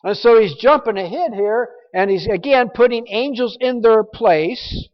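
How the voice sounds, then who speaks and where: A man's voice: sits high, measured pace, hardly any pauses. A man preaching a verse-by-verse sermon, emphatic and prone to repeating words as he stresses a point. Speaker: pastor. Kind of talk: expository sermon. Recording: muffled recording in a reverberant hall.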